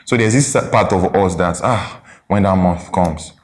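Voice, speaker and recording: A young man with a Nigerian accent and a very low, deep voice chats casually as a podcast co-host. He speaks slowly and pauses to search for words, often checking that his listener follows. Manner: slow, searching, often asks "you get?". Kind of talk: casual couple chat.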